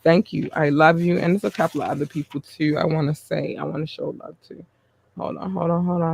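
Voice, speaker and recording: A man hosting a podcast, reading listener shout-outs in a chatty way with running asides. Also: a little high, fairly even intonation, brisk, gravelly, a little hiss or hum. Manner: warm, chatty, reads a list with asides. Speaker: podcast host.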